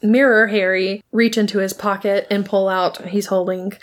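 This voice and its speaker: A woman's voice: medium pitch, level tone. A woman casually recapping a film plot, chatty and laughing often. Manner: chatty, laughs often, acts out lines in quick asides. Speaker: podcast co-host recapping a film. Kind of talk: casual chat.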